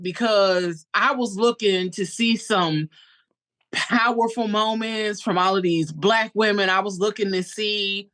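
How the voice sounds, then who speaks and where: A woman co-hosting a casual film review chat, relaxed and conversational. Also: medium pitch, a little slow. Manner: relaxed, conversational, lots of fillers. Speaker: podcast co-host.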